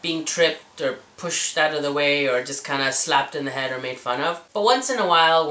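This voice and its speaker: A man's voice: on the high side, bright, forceful tone, recorded from a distance. A man in his forties with a girly, whiny voice, vlogging a self-deprecating, chatty story. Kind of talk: storytelling vlog. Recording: echoey room, away from the mic.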